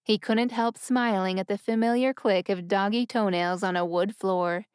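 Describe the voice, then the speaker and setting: A woman narrating a romance audiobook in an even, measured storytelling manner. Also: mid-range voice, smooth, no echo, clean studio sound.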